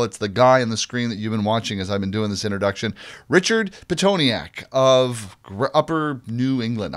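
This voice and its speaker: A man from Minnesota hosts an interview show in casual chat. His voice sits at a middle pitch, and he talks in a loose, rambling way, often starting his sentences over. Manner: chatty, rambling with many restarts. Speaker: show host.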